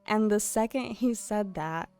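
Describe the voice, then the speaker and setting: A woman's voice: mid-range voice, a little slow, darkish tone, smooth, faint music behind. Chatty young woman streamer. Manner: chatty, giggly, storytelling. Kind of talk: casual chat while gaming on stream.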